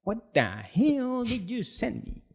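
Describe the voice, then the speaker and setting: A man's voice: very high voice, wildly swooping pitch, takes it slowly, creaky, slightly rough, pitched above the performer's own voice, heavily acted. A man voicing an angry male friend who rants and swears on a phone call. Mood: furious. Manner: shouting, cursing, exasperated.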